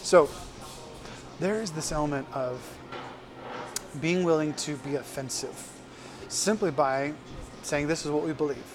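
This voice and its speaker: A man's voice: on the high side, unhurried, pauses often, noisy background. A man preaching a casual sermon, retelling scripture in everyday, conversational language.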